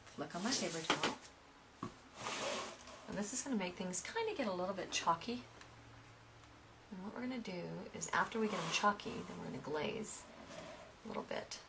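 A woman's voice: medium pitch, lively intonation, a little fast, long pauses, very noisy. A woman giving a step-by-step painting lesson in a chatty way, with asides to her students. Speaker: painting instructor. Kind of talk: painting tutorial.

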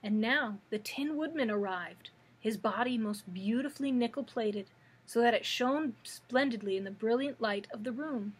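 A woman librarian reading a children's book aloud in a clear, measured storytelling manner. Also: fairly high pitch, poor audio.

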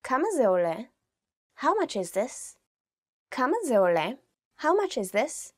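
Host: woman, fairly high voice, dry close sound, chatty and informal, slows down to read phrases clearly. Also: sing-song, no room sound. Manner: chatty, informal, many fillers; reads phrases slowly and clearly. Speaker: language teacher. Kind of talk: casual video lesson.

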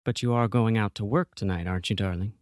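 A man's voice: on the low side, fast talker, a little mellow, no echo, clean studio sound, close to an everyday voice. A man putting on a cold, coaxing mother. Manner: syrupy, coaxing, calls everyone darling. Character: manipulative, cold middle-aged mother, woman.

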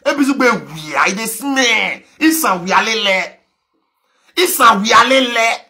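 Mocking high-voiced Nigerian Pidgin man. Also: lively intonation, normal speed, creaky. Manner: mocking, laughs often, breaks into shouts. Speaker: social media commentator. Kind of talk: ranting live video gist.

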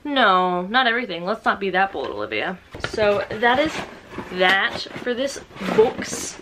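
A young woman from the United States chatting casually in a book vlog, excitable and self-mocking. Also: medium pitch, measured pace, background noise. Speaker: book vlogger.

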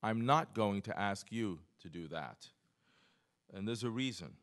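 A low-pitched American man speaks at a conference, opening a panel with earnest remarks. He talks with frequent fillers and a touch of self-deprecating humor as he introduces each guest. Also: animated, measured pace, a bit bright. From United States. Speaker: panel moderator. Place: conference hall.

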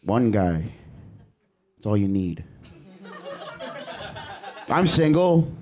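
A man's voice: lowish voice, very animated, drawn-out words, a little mellow. A young man doing a crude, rambling stand-up set on a comedy club stage, breaking off to laugh at himself. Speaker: stand-up comic.

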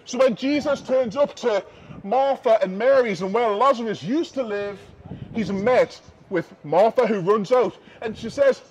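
Unhurried and slightly rough, a man's very high, darkish voice carries an impassioned open-air street sermon on a city street, repeating himself and building emphasis. The lo-fi outdoor recording sounds dull, with faint noise.

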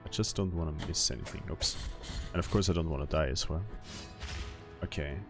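A man's voice: very deep voice, a little fast, over music. A man streaming a video game, chatting casually with viewers and laughing often as he plays. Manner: chatty, reads chat aloud, laughs often. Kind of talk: casual gameplay commentary.

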